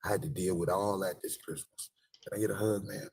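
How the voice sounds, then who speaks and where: A man with a low, slightly husky voice rambles through crude, joking commentary on a live stream. He talks loosely and casually, riffing from outdoors by a store. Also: fairly even intonation, brisk, a little mellow. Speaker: livestream host.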